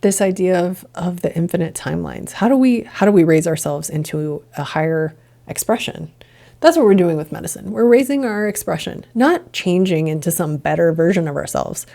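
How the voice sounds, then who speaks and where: A woman's voice: on the low side, lively intonation, normal speed, gravelly, mellow. A woman hosting a podcast, musing earnestly in a reflective solo monologue full of rhetorical questions. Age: adult, past childhood and drinking years. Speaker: podcast host, integration coach.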